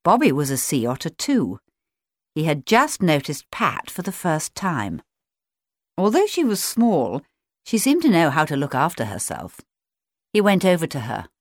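A woman reading a children's animal story aloud in a gentle storybook manner. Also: sits low, huge pitch swings, a little slow, no echo, studio quality.

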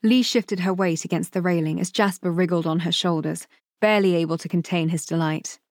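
A woman reading a novel aloud as an audiobook narrator, in a measured, even storytelling manner. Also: lowish voice, no room sound, studio quality.

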